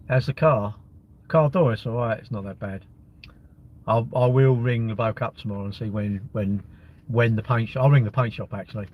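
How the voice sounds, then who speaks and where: Live streamer, man, blunt and mocking, casual chat, slightly muffled stream audio, mid-range voice. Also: medium pitch.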